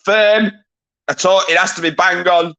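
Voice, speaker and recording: A man hosting a live-stream quiz in casual chat. He swears often, jokes and shouts greetings to viewers. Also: sits high, level tone, brisk. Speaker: livestream quiz host.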